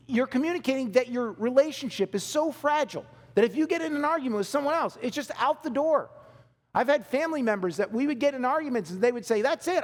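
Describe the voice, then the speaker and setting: High-voiced pastor preaching in a reverberant hall. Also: male voice. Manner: emphatic, repeats key phrases, laughs with the congregation. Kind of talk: sermon. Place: church hall.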